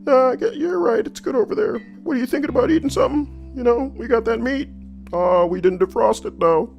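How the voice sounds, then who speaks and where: A man putting on a high, babbling voice as a nosy, fussy suburban neighbor in a comic bit. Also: animated, brisk, gravelly, dull audio, faint music behind, full character voice. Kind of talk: comic impression in a stream.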